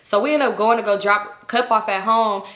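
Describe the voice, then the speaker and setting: A young woman telling a storytime tale to her viewers in a casual, animated, slangy and profane way. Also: mid-range voice, normal speed, roomy sound. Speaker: storytime vlogger.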